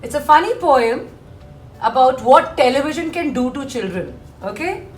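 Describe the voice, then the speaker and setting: A woman teaching a poem in an online class, animated and repeating words for emphasis. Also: high-pitched, moderate pace, echoey room, faint music behind. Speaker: English teacher.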